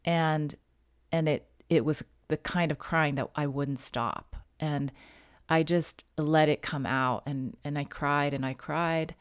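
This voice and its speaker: A woman recounting a personal story in conversation, reflective and halting, often restarting her sentences. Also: deep voice, fairly even intonation, smooth, no echo, clean studio sound. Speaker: podcast guest sharing a personal story.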